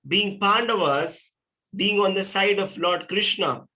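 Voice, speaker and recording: A middle-aged man gives a scripture lecture in a high, bright voice. He explains patiently and keeps asking rhetorical questions, then answers them himself. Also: measured pace, low-quality recording. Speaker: spiritual teacher.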